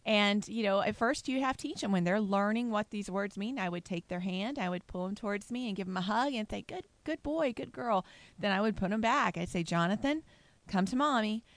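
A woman's voice: mid-range voice, fairly quick, hardly any pauses, dry recording. Earnest woman co-host, dry sound. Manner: earnest, laughs often, acts out quotes. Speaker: co-host, mother. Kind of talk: casual chat.

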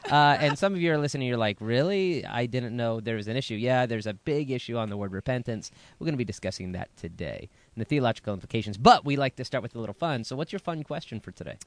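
A man's voice: mid-range voice, animated, fast talker, few pauses, no room sound. A man who is a pastor co-hosting a casual podcast, chatting in an easygoing, joking way and explaining things readily. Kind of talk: casual chat.

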